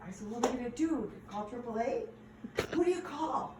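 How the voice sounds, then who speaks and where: Lady spinning family stories, laughs a lot, kinda high voice, echoey room, mic far off. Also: brisk, background noise. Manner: animated, laughing, acts out quotes. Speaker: storyteller. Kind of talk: casual storytelling.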